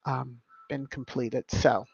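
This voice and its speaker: A woman's voice: extremely low pitch, steady tone, slow, creaky, husky, no room sound. A woman hosting a casual live stream, chatting with viewers and greeting them by name in a sing-song way. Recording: slightly muffled, soft background music.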